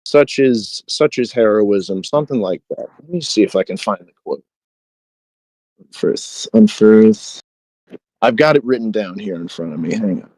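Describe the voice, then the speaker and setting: A man with a lowish voice, casually retelling a fight scene from a book on a podcast. He quotes the characters in an animated way and chuckles along. The sound is dry and close, with no room around it. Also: normal speed, pauses often, slightly rough, no echo. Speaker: podcast co-host.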